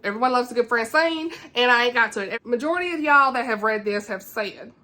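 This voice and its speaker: A woman's voice: a little high, brisk, bright, forceful tone. A young woman, chatting casually to camera about books and giggling often. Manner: chatty and giggly, greets viewers by name. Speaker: book vlogger.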